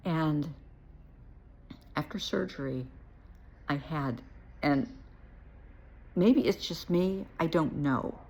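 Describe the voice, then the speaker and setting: Low, gravelly, husky woman storyteller. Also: slow, long pauses, a little mellow. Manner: frank and blunt, with dry asides. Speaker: therapist. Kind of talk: personal storytelling to camera.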